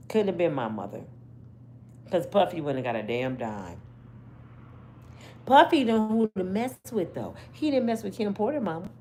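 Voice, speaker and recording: Brash animated woman telling stories. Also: lowish voice, a little hiss or hum. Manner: brash, profane, laughs often. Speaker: commentary host. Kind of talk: animated storytelling commentary.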